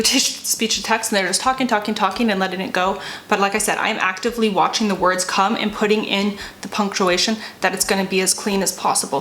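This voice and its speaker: A woman's voice: medium pitch, fairly bright tone, echoey room, slight background noise, rough recording. A woman writer and vlogger chatting casually to camera, rambling and self-deprecating, laughing often as she talks.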